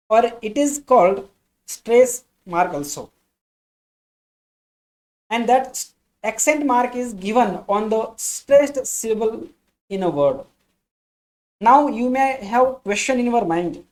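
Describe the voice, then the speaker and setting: A woman gives an English lesson in an explanatory lecture style. She repeats key phrases for emphasis and calls her listeners friends. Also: a little high. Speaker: English teacher.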